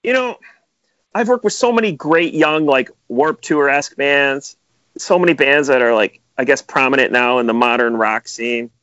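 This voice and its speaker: Speaking at a moderate pace in a mid-range voice, this Metro Detroit music producer tells lively stories during a relaxed interview, leaning heavily on "like." The audio is dry, with the high frequencies cut off.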